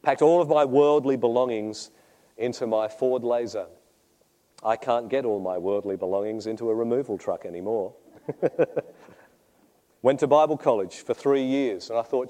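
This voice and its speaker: Aussie pastor guy preaching, chatty story style, kinda warm dark voice, jokes at his own expense. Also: mid-range voice, moderate pace, pauses often. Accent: Australian. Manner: conversational storytelling with self-deprecating humor. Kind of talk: sermon with personal testimony.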